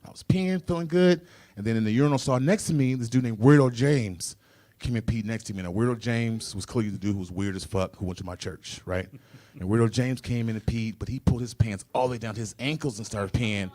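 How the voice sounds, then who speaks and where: A man in his forties from the Midwest, a comedian and host doing a profane stand-up set and jumping into sudden high shrieks. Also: fairly quick, dark tone. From Chicago. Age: 40s. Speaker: comedian and game show host.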